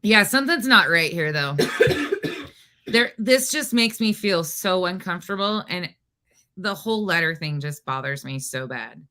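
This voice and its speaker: A woman hosts a casual livestream from home, her voice bright and forward, set a little lower than most. She rambles in an exasperated way, trips over herself and keeps restarting her sentences. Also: lively intonation, measured pace. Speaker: livestream host.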